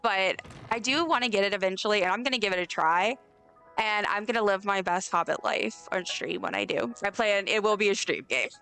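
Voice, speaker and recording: A woman's voice: mid-range voice, a little fast, gravelly, fairly bright tone, smooth. A woman livestreamer chatting casually and effusively while she plays, reading chat aloud. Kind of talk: casual live-stream chat while gaming. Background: faint game music.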